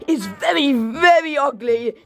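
A woman hosting let's play game commentary, excitable and shouty, with mock-formal asides. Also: high voice, measured pace, no echo, soft background music. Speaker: gaming channel host.

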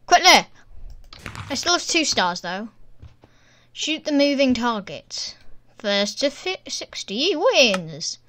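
A woman comments on her gameplay in a high, swooping voice, jumping between cheerful shouts and half-muttered thoughts. Loud keyboard clatter and typing run clearly underneath her talk. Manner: excitable, exclaiming and thinking aloud. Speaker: gaming channel host. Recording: keyboard clicks and typing in background. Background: keyboard typing noise.

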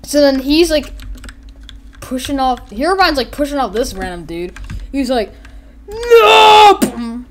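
A woman giving casual, rambling gameplay commentary as a YouTuber, excitable and quick to act out characters and sound effects. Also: high-pitched, noisy background. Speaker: gaming YouTuber.

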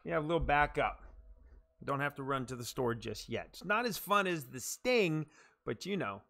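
A man streaming a game live, cheering on viewers with chanted catchphrases and muttering low asides in between. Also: expressive, moderate pace, gravelly, pushed and bright.

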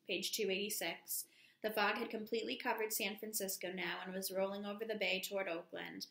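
A woman teacher reading a novel aloud to her class at a steady pace, calling out each page number. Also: mid-range voice, a little fast, echoey room.

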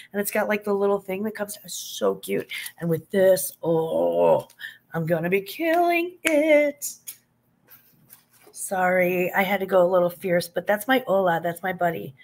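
An older woman chatting casually to camera as she unboxes clothes, playful and teasing, laughing often mid-sentence and gushing over her finds. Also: medium pitch. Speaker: vlogger unboxing a clothing box.

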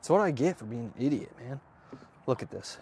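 A man chatting casually to viewers while hitting golf balls, excitable and self-mocking, swearing often and breaking into loud outbursts. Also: medium pitch, a little fast, a little hiss or hum. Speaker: golf vlogger. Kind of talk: casual range-session chat to viewers.

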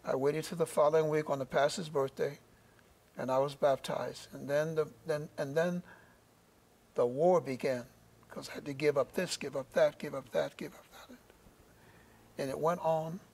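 A middle-aged man shares his faith story in a church interview. His voice sits a little high and has a gravelly edge. He speaks earnestly and haltingly, often doubling back on his words. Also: steady tone, a little mellow. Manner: earnest, halting, repeats words while searching.

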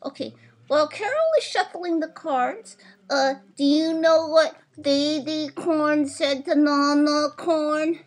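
High-pitched eager sock puppet joker, voiced by a woman, playful puppet-show comic. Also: slow pace. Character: chirpy little sock puppet Sok, a cheerful joker.

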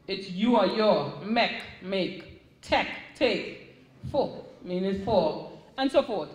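A middle-aged woman with a Caribbean English accent, an author speaking to a live audience at a book signing in a chatty, animated way. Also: fairly high pitch, recorded from a distance. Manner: chatty, animated storytelling with restarts. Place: event room. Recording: echoey room.

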